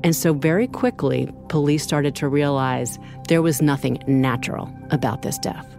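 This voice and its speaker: A woman with a notably low voice hosts a true crime podcast. She narrates in a measured, earnest way. There is soft music underneath. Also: creaky. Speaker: podcast co-host.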